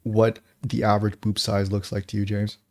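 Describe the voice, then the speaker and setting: A young man with a lowish voice full of vocal fry, chatting casually on a podcast. He teases with a dry, joking manner. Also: completely flat delivery, normal speed, darkish tone. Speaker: podcast co-host. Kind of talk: casual chat.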